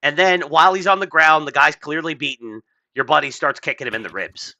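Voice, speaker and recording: A man's voice: a little high, brisk, bright, forceful tone, dry recording, dull audio. A man hosting a podcast, rambling in casual political chat, swearing and putting on mocking voices. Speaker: podcast host.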